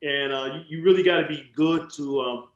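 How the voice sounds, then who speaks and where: A man with a somewhat raised pitch hosts a podcast, talking in a laid-back, casual way with loose swearing and quick laughs. His voice sounds roomy and a little dull, as if recorded in an echoey room on modest gear. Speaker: podcast host. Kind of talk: casual interview chat.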